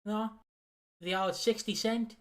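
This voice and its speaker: A woman's voice: mid-range voice, steady tone, slow, close to an everyday voice. A woman putting on an out-of-touch older male wrestling boss who fumbles to sound hip. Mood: pandering. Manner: fumbling, trying too hard to sound hip.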